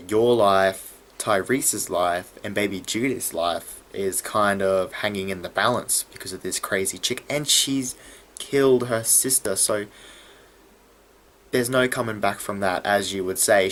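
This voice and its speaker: A man giving a casual video review of a TV episode, excitable and often stumbling over his words. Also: on the low side. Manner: excitable, stumbling and restarting mid-sentence.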